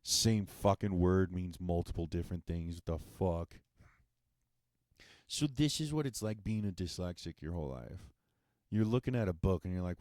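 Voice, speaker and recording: Deep-voiced man on a profane rant. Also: animated, moderate pace, darkish tone, dry recording, clean studio sound. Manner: profane, sarcastic and exasperated. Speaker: podcast host. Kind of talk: ranting comedic monologue.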